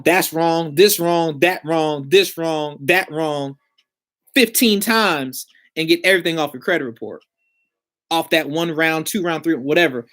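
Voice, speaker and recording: A man with a somewhat high-pitched voice talks straight to the camera in a casual advice vlog. He is blunt and streetwise, with plenty of slang, and sounds like someone explaining credit repair from his own experience. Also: fairly bright tone.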